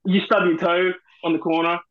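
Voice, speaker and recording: A man's voice: high-pitched, flat delivery, brisk, a little hiss or hum. An Australian man with a slightly raised voice tells rowdy army stories, cursing freely and breaking into laughter. The sound is dull and lo-fi. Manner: swearing, laughing storyteller. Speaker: podcast guest. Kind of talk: casual chat.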